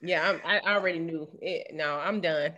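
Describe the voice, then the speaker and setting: A woman's voice: low voice, normal speed, pushed and bright, muffled recording. A woman co-hosting a casual chat with teasing, joking banter. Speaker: podcast co-host.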